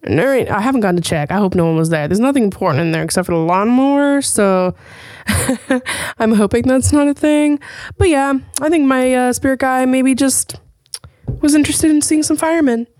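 A woman hosting her own podcast, talking casually and telling stories with lively, profane chatter. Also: high voice, moderate pace, no room sound, studio quality. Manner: chatty, swears freely, animated storytelling. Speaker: podcast host. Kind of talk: casual chat.

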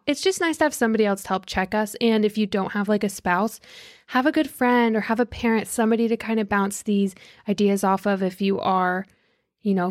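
A woman's voice: mid-range voice, darkish tone, no room sound, clean studio sound. A woman hosting a podcast, talking in a bubbly, gushing, chatty way. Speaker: podcast host. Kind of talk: casual podcast chat.

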